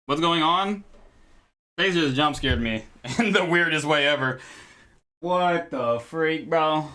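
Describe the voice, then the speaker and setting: Young male streamer, bright voice, excitable and repetitive, casual live chat. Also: on the high side, measured pace. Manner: excitable, exclaims and repeats himself.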